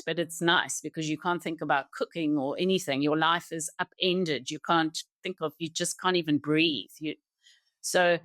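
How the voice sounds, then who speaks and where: A middle-aged woman speaking as a podcast guest in an earnest, reflective, halting way, often restarting her sentences. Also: on the low side, a bit bright, no room sound, studio quality. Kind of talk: reflective personal conversation.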